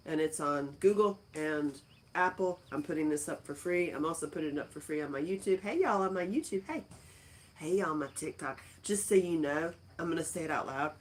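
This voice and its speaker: A woman hosting a casual livestream from a friend's house, rambling and laughing as she talks in a deep morning voice. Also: slight background noise. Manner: rambling, chatty, laughs easily. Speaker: livestream host. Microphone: phone camera.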